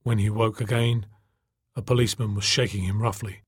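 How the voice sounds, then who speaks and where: A man reading a novel aloud in steady, measured narration. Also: on the low side, husky, no echo, studio quality. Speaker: audiobook narrator. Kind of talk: scripted narration.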